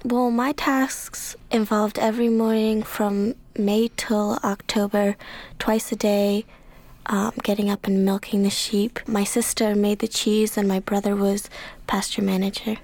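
A college-age woman in her twenties, speaking softly and plainly as an interview guest. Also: mid-range voice, little pitch movement, a little slow. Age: 20s.

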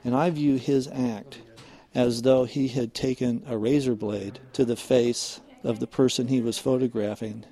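A man's voice: medium pitch, steady tone, a little slow, mellow. A man who teaches photography, telling a story earnestly in an interview.

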